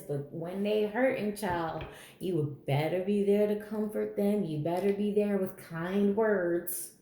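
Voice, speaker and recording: A woman's voice: medium pitch, slow pace, dark tone, roomy sound, slight background noise. A woman giving a general tarot reading in a blunt, candid, chatty way, swearing freely and laughing as she talks. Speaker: tarot reader.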